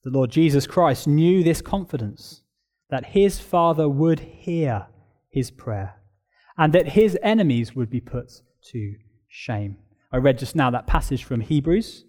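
A man with a slightly high, animated voice delivers an expository sermon at an unhurried pace. He preaches emphatically, building intensity with repeated phrases before dropping to a quiet, solemn tone.

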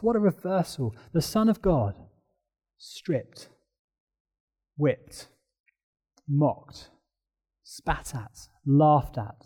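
A man with a medium-pitched voice preaches an expository sermon emphatically. Repeated phrases drive his intensity upward until he drops into a quiet, solemn register.

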